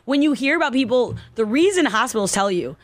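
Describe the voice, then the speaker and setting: A woman's voice: on the high side, big pitch swings, brisk, no room sound. A young woman co-hosting a podcast, telling stories in casual chat and acting out what people said. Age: young adult. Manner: chatty storyteller, acts out quotes with sudden yells. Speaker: podcast co-host.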